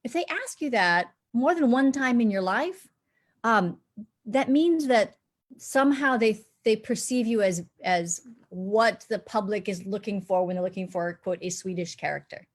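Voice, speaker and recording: A woman's voice: medium pitch, animated, unhurried. A woman dialect coach hosting a live online Q&A, explaining earnestly and advising actors over a video call.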